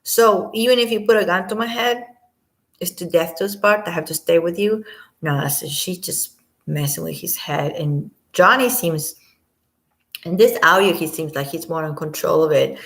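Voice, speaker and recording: Gravelly low-voiced woman commenting. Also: moderate pace. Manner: rambling, drops to a quiet near-whisper at times. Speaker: commentator reacting to audio. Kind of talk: casual commentary.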